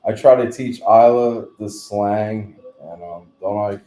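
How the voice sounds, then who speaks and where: Mellow-voiced New man, rambling. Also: on the low side, measured pace. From New Jersey. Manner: rambling, joking storyteller. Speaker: live stream host. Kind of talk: casual live stream chat. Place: home room, in bed. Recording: roomy echo.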